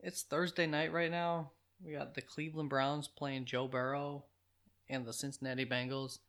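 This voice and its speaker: A man's voice: a little high, little pitch movement, moderate pace, a bit bright. A man narrating a casual film review with chatty, offhand asides.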